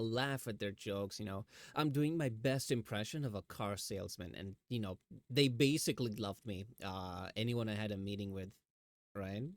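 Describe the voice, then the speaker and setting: A man streaming from home, chatting casually and telling animated stories, sometimes mimicking other people's voices. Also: lowish voice, no echo, studio quality. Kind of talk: casual chat.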